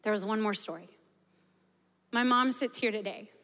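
A woman in her forties giving a passionate sermon testimony and prayer, at times dropping to a hushed voice. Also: mid-range voice, normal speed. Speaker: preacher. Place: large church hall. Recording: reverberant hall with soft music. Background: soft music.

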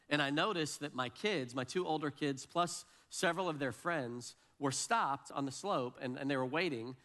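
A male pastor in his forties preaching a sermon with a voice a little higher than most men's. He tells a personal story in a relaxed, conversational way, with a self-deprecating humor.

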